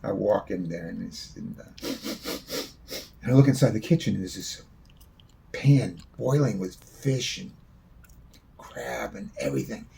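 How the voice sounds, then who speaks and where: Gravelly low-voiced man telling a story. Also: big pitch swings, a little slow, long pauses, mellow. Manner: long-winded, swears freely. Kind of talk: spoken personal anecdote.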